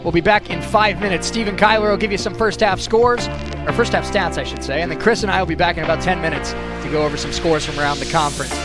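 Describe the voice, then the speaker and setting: High-voiced man shouting basketball play-by-play. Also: fast talker. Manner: excited, shouting calls. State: out of breath. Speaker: play-by-play announcer. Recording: broadcast with loud crowd and music behind. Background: crowd noise and music.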